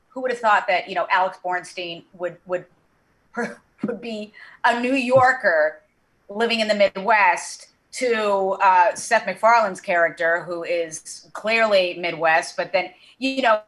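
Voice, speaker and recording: A woman voice actor chatting on a video call panel, animated, with many restarts and repeated words. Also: mid-range voice, unhurried. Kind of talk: casual panel chat.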